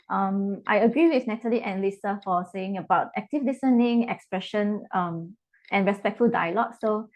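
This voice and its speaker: A woman's voice: mid-range voice, darkish tone. A woman educator giving parenting advice on a webinar over a video call, explaining steadily with frequent ums. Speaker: educator and guest speaker.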